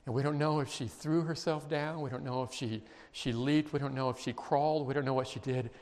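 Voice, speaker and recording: Man, pastor, sermon, emphatic, emotional, quiet intense stretches, long hall reverb. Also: mid-range voice, steady tone, brisk. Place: church sanctuary.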